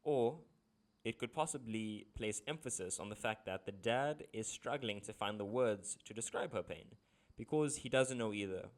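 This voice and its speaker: A man, teaching a poem analysis lesson in an explanatory way with deadpan asides. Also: on the low side, moderate pace.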